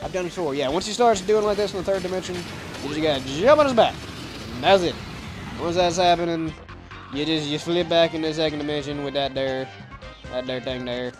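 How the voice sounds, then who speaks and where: A man's voice: on the high side, brisk. A young man hosting a let's play, rambling and self-deprecating in casual gameplay commentary, often stumbling over words. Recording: game music behind.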